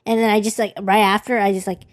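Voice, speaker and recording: A woman's voice: medium pitch, level tone, fast, dry recording. Candid young woman, dry close sound. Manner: candid, rambling, many restarts and fillers. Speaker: podcast co-host. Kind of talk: casual chat.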